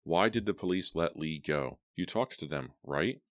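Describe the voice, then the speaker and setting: A man voicing a frightened, insistent teenage girl in a storybook reading, with shrill, pleading lines. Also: animated, moderate pace, dry recording, studio quality. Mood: tense, fearful.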